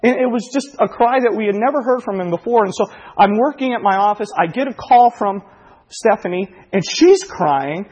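A man's voice: high-pitched, lively intonation, moderate pace, darkish tone, breathy edge. A man preaching a sermon and telling a personal story earnestly, his voice swelling with emotion. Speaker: pastor. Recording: dull recording in a reverberant hall.

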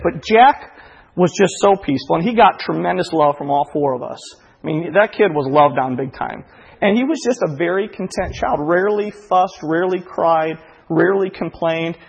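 A man's voice: fairly high pitch, gravelly, husky. A man preaching a sermon and telling a personal story earnestly, his voice swelling with emotion. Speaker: pastor. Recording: dull recording in a reverberant hall.

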